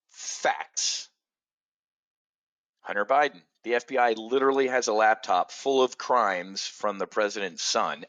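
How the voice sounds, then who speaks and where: Profane, sarcastic man with a bright edge. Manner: profane, sarcastic, swings from loud outbursts to low mutters. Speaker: trading show host. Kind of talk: ranting market commentary.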